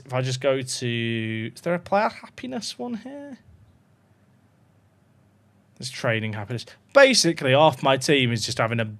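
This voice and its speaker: A man livestreaming a football management game, talking to his chat in a despairing, dramatic way and swearing. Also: mid-range voice. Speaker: streamer. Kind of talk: casual livestream gaming commentary.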